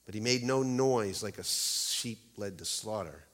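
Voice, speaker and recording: Casting: male preacher, bright forceful delivery, dramatic storyteller, long church reverb. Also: lowish voice, unhurried. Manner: dramatic storytelling, vivid emphasis on key words. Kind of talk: sermon.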